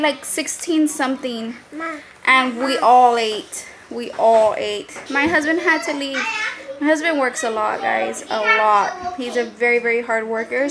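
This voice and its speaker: A woman's voice: high-pitched, noisy background. A woman chatting casually with her vlog viewers, laughing often and sounding full after a meal. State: pregnant, very full after eating. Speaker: vlogger. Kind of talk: casual chat. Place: restaurant, then home by the Christmas tree.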